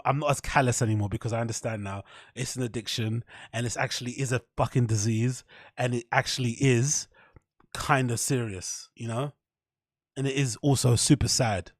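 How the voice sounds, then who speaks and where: A man's voice: medium pitch, dry recording. Man, casual podcast host, self-mocking chatter, dry sound. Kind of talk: casual solo podcast rambling.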